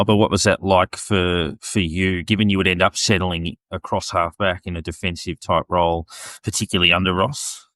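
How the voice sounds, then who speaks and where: Podcast co-host, man, very deep voice, fact-heavy questions, dry mic. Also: a bit bright, dry recording. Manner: detailed, fact-laden questions.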